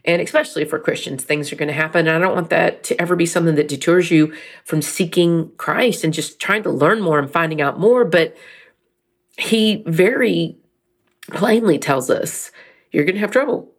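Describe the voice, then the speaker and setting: A woman's voice: fairly low pitch, normal speed. A middle-aged woman talking candidly about faith and grief, emotional and rambling, teary at times. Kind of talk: personal faith talk.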